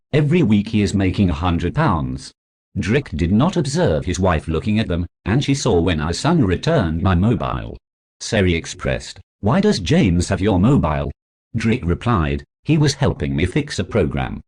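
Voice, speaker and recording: Man reading a story in a low, husky voice. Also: big pitch swings, moderate pace, a little mellow. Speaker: narrator. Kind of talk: first-person storybook reading.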